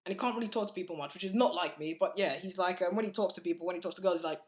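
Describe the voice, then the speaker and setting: A man's voice: high-pitched, very fast. A man giving a casual, blunt film review, chatty and full of fillers and restarts. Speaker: movie reviewer.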